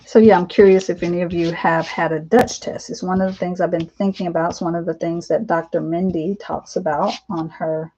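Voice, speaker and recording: A woman in her fifties chatting casually on a live stream, candid and rambling, with lots of fillers, laughs and animated quoted asides. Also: on the low side, fairly quick, few pauses, lo-fi sound, slight background noise. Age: 50s. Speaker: vlogger. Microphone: live-stream camera mic.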